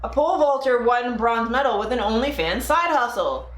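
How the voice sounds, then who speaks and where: A woman hosting a casual live stream, talking to chat viewers in a profane, animated way. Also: fairly high pitch, moderate pace. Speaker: livestream host. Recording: echoey room with faint ambient noise.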